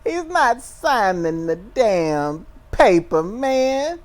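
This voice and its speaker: A woman's voice: mid-range voice, sing-song, extremely slow, darkish tone. A woman co-hosting a casual wrestling recap, blunt and wry, who makes fun of the wrestlers and their moves. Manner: wry, blunt, mocking wrestlers in put-on voices. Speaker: podcast co-host.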